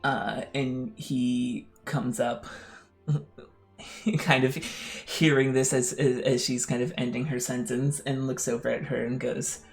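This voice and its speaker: Gravelly man running a tabletop game. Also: mid-range voice, level tone, faint music behind. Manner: halting, lots of fillers. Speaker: game master.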